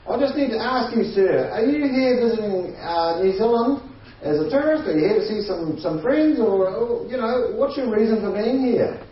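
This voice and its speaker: A flustered young customs officer pipes up in a high, strained voice, tripping over his polite questions, as a man puts him on. The sound is echoey and a little distant. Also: lively intonation, normal speed, muffled recording, a little hiss or hum. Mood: earnest questioning. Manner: stammering, polite, high-pitched.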